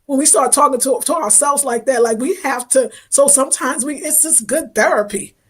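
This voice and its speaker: At a moderate pace and high pitch, a woman reads viewer comments on her casual livestream. She heaps affectionate thanks on viewers by name, and emotion sometimes makes her voice waver.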